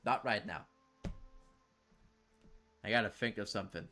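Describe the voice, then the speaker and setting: A man's voice: lowish voice, measured pace, bright, forceful tone, faint music behind. A man streaming a game, reading the narration and joking around playfully.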